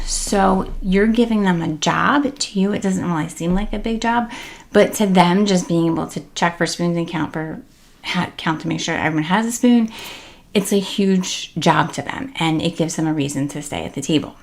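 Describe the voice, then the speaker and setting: A woman with a lowish, fry-tinged voice hosts a tip series, offering parenting advice straight to camera. Her delivery is casual and chatty, packed with fillers and upbeat emphasis.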